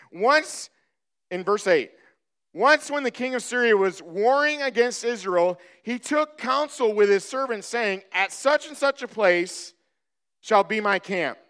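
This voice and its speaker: Male pastor, sermon, high voice, smooth and clear, animated storytelling. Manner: animated storytelling, acting out the scripture.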